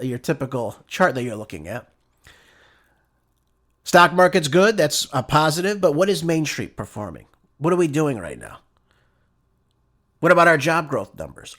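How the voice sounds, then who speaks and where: A man hosting a political show, delivering an emphatic commentary monologue full of rhetorical questions and heated asides. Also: mid-range voice.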